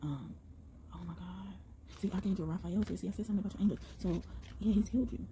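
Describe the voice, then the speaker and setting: A young woman giving a casual tarot reading to her viewers, excited and rambling, often breaking into exclamations and slang. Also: medium pitch, quick pace, slight background noise, rough recording. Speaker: tarot reader.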